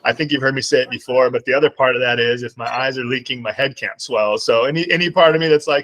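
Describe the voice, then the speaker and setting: A man's voice: mid-range voice, fast, hardly any pauses, fairly bright tone, poor audio. A man speaking as guest on a video call, telling a heartfelt personal story in a reflective way. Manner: heartfelt, reflective, quotes himself and others.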